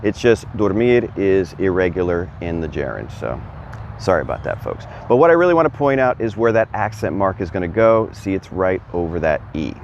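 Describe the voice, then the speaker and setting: A man's voice: deep voice, very animated, brisk, darkish tone, highs cut off, a little hiss or hum. A man giving a casual, chatty video lesson as a Spanish teacher, quizzing the viewer and encouraging them. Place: outdoors. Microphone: camera on a stand.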